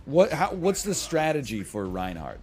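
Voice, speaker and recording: A man's voice: fairly high pitch, big pitch swings, normal speed, faint music behind. A young man streaming games, chatting casually in a sarcastic, profane, ranting way. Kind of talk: casual gaming stream chat.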